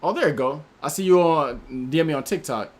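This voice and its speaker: A man's voice: a little high, fairly quick. A man hosting a casual livestream, reading out viewers' names and chatting in about their movie picks. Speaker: livestream host.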